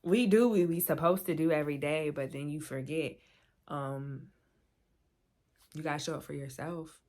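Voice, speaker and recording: A woman's voice: deep voice, normal speed, darkish tone. A woman vlogger talking candidly about her own feelings, repeating herself for emphasis. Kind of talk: candid personal vlog talk.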